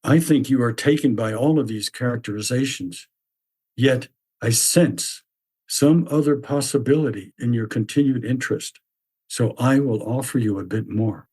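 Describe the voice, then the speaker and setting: A man voicing a stern mythic figure who lectures bluntly in a measured, repetitive way. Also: mid-range voice, warm tone, slightly rough, lightly acted. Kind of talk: reflective spoken essay.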